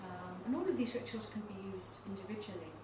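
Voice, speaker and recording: A woman's voice: mid-range voice, quick pace. A middle-aged woman giving a candid, self-deprecating public talk as a tantra massage teacher. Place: small event space. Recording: roomy, distant mic, noisy.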